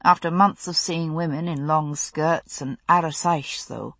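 A woman narrating a novel in an expressive storytelling way on a close studio mic. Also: sits low, measured pace, dry recording. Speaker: audiobook narrator.

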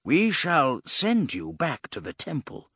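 Guy putting on a grumpy proud old snake god, huffy, a bit husky. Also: a little high, wildly swooping pitch, slow, pushed and bright, no room sound, studio quality, pitched above the performer's own voice, exaggerated voice. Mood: indignant. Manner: huffy, incredulous. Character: giant serpent spirit, male half, irritable and proud.

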